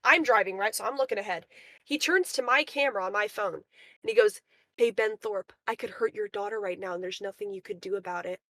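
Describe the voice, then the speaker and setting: Young woman caller, bright tense voice, animated storyteller. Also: mid-range voice, brisk, dry recording. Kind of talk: casual chat. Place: remote call into a livestream. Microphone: call audio.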